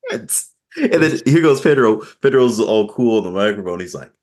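A man hosting a casual adult podcast, telling stories with lots of laughter and squeaky put-on voices. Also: moderate pace. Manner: animated storyteller, laughs and jumps into high-pitched voices. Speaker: podcast host.

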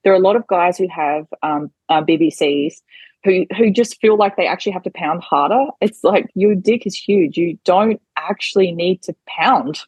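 A woman's voice: fairly low pitch, moderate pace, a little mellow, husky, no echo. An Australian woman chatting casually as a podcast guest, giggly and a bit self-deprecating. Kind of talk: casual interview chat.

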